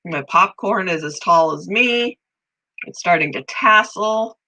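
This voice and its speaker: A woman's voice: on the low side, expressive, measured pace, rough recording. A middle-aged woman hosting a casual live-stream chat, congested and tired, talking easily with viewers by name. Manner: chatty, talks to viewers by name, coos softly over pets. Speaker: channel host.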